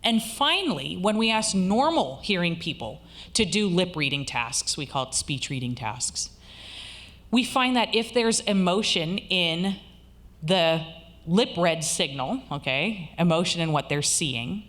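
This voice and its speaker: A woman's voice: lowish voice, sing-song, measured pace, fairly bright tone. A woman college instructor giving a recorded lecture, explaining step by step and checking in with her listeners.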